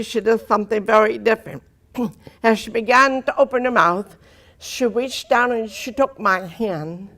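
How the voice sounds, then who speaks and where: A deaf woman giving a personal testimony to an audience, telling her story earnestly with dry humor. Her speech has unusual vowels and articulation that listeners often mistake for a foreign accent. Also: mid-range voice.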